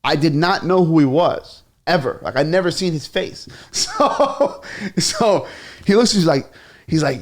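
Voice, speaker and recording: Animated joking man telling stories. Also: sits high, normal speed. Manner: animated, laughs a lot, swears. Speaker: comedian guest. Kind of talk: casual storytelling chat.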